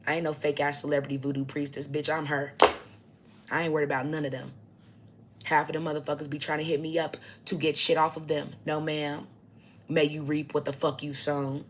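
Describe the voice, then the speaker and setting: A woman's voice: low voice, flat delivery, a little fast, noisy background. A woman, a self-styled spiritual teacher, delivering a blunt, profane, combative monologue to camera.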